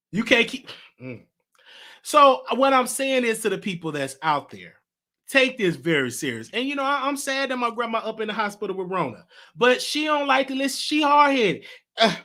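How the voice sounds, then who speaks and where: Animated high-voiced man. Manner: animated, repetitive, stammering restarts. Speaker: show host. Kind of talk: casual monologue commentary.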